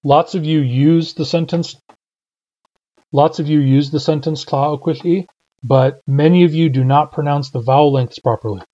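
Man with a mellow voice, teaching a language. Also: on the high side, normal speed, lo-fi sound. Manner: patient, methodical explaining. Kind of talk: online language lesson.

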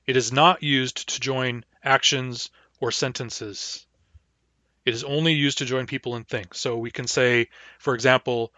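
A man giving a recorded language lecture, patiently repeating words slowly for learners. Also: medium pitch, steady tone, sharp tone, no room sound. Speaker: language teacher.

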